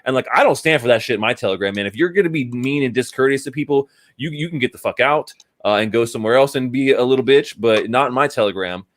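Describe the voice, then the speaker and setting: Brief: man, mid-pitch, loose rambling speech full of "you know" and "uh", blunt, casual. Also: quick pace, hardly any pauses. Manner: relaxed, rambling, many fillers and restarts. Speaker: NFT podcast guest. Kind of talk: casual chat.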